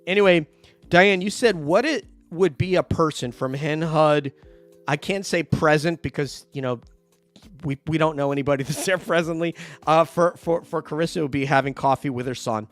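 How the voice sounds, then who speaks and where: A man from New York hosting a casual video call chat, jokey and quick to laugh, often trailing off mid-sentence. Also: on the high side, soft background music. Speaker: host.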